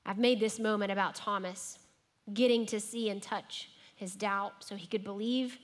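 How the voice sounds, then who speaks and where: A woman preaching a sermon in a church, gentle and reflective, often dropping her voice to a near whisper. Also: mid-range voice, steady tone, moderate pace.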